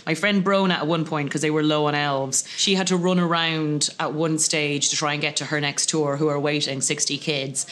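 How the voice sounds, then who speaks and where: A woman in her thirties, a comedian guest telling lively comic anecdotes over lunch and slipping into voices. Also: low voice.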